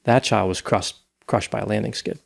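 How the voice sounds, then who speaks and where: A man's voice: fairly low pitch, fairly even intonation, normal speed, gravelly. A man hosting a casual true-crime discussion, telling a case story at length. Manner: storytelling, recounting details at length. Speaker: podcast host.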